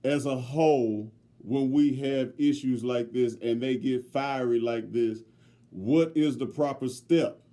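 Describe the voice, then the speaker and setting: A man with a mid-pitched, dark and mellow voice speaks bluntly and confrontationally on a podcast, pressing his point without backing down. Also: slow pace. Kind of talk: heated argument.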